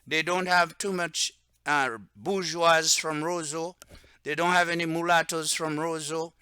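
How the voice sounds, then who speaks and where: Man with Patois roots, self-styled religious leader, off-the-cuff monologue; smooth, dry close-mic sound. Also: fairly high pitch, fairly even intonation, bright, forceful tone, no room sound. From Dominica. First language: Antillean Creole (Patois). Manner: rambling, repeats "okay?" and "right?", turns heated and slower when stressing points. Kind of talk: unscripted monologue to camera.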